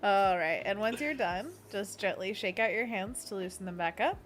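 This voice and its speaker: A woman's voice: medium pitch, animated, moderate pace, slight background noise. Playful giggly woman hosting a livestream. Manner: playful, giggly, leads stretches with silly monkey noises. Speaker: livestream host. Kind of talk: casual livestream chat.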